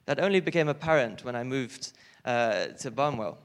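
Speaking at moderate speed with an expressive, medium-pitched voice, this young man offers a heartfelt testimony in church. On the points that matter most, his voice lifts with feeling.

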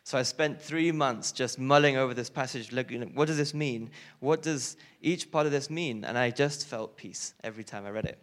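A man's voice: mid-range voice, normal speed, few pauses. A young man giving an earnest personal testimony in a church talk, his voice rising when he stresses a point. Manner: earnest, rises with emotion on key points. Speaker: speaker sharing a testimony.

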